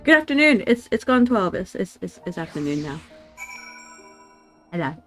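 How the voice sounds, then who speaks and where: Chatty woman streamer, lively pitch. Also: unhurried, soft background music. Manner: chatty, reads game lines aloud. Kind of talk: casual gameplay streaming.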